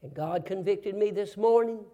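A man preaching a fiery sermon in a church, telling a story dramatically and swinging from hushed tones to shouting. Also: high-pitched, normal speed, lo-fi sound. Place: church sanctuary.

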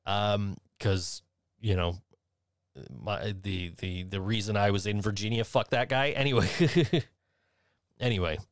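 A man's voice: on the low side, unhurried, dry recording, studio quality. A man with a Western New York accent, chatting casually as a podcast co-host, swearing often, laughing and trailing off into asides. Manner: profane, laughing, rambling asides. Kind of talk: casual chat.

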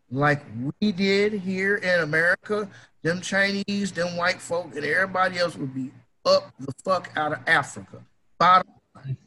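Emphatic, profane man with a bright voice. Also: high-pitched, slight background noise, rough recording. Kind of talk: casual opinion rant.

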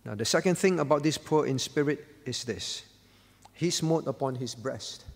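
A man's voice: mid-range voice, moderate pace, creaky, big-room sound. A man pastor preaching an earnest sermon, repeating words for emphasis.

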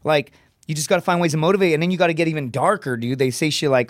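This man talks fast and swears constantly as he tells a hard story from his past. His voice sits a little high for a man. The recording is close and dry, with no room sound behind him. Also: no echo. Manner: profane, rapid, animated storytelling. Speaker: guest comedian, former Marine. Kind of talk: casual podcast storytelling.

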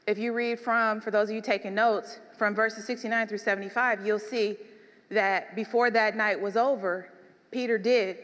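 A woman preaching a sermon, animated, swinging between soft and emphatic delivery. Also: fairly high pitch, long reverb tail.

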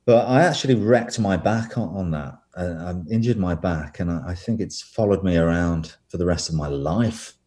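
A man's voice: sits low, normal speed, few pauses, mellow. A man telling rambling, self-deprecating stories as a guest in a casual interview.

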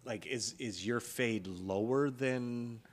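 A man's voice: mid-range voice, takes it slowly. Young man in casual, swearing chat. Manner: animated and profane, heavy on "like".

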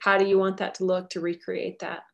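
A woman's voice: mid-range voice, completely flat delivery, a little fast, gravelly, lo-fi sound, a little hiss or hum. A woman giving an earnest, encouraging faith talk on soul care and answering questions, often repeating her key phrases. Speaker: guest speaker on soul care. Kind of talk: faith teaching with Q&A.

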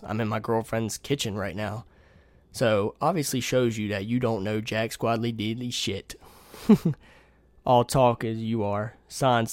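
A man's voice: lowish voice, no room sound. Blunt, profane young man telling a story. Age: 20s. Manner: blunt, profane, reads messages aloud. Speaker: podcast host. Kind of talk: casual storytelling monologue. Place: home kitchen.

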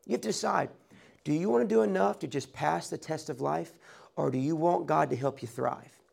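A man's voice: a little high, a little fast, gravelly, a little mellow. A man preaching a sermon, talking in a conversational way with playful asides. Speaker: pastor.

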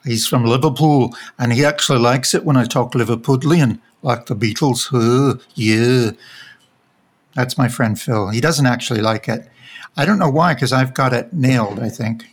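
A man's voice: medium pitch, moderate pace, breathy edge. A man with a Canadian accent hosting a podcast, chatting casually and teasing his guest. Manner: teasing, joking. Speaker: podcast host. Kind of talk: casual chat.

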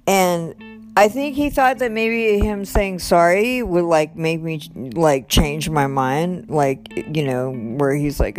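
A woman's voice: takes it slowly, soft background music. A middle-aged woman candidly recounting a personal story, quoting others with lots of "like" and "you know.". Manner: animated retelling, quoting others with rising pitch, fillers like "like" and "you know".

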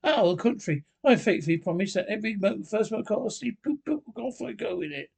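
A man playing a boastful, impulsive toad with a gushing, wheedling manner. The voice is pitched high and sounds gravelly. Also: normal speed, a little mellow. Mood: fervent.

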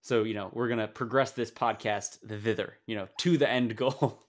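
A man's voice: on the low side, normal speed. A young man co-hosting a podcast, chatting playfully and laughing often. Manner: playful, laughs often, animated when retelling. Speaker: podcast co-host. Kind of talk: casual chat.

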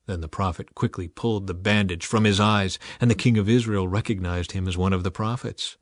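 A man reading scripture aloud in a measured, scripted way, lifting his voice a little for quoted speech. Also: steady tone, no echo, studio quality. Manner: measured, quotes read a little higher and louder. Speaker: Bible reader.

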